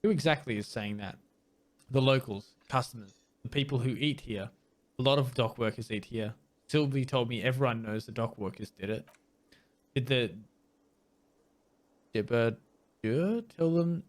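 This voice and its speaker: A man hosts a let's play, reading the game's dialogue plainly and cutting in with wry asides, now and then stumbling over difficult words. His voice is medium-pitched and moves at a normal speed.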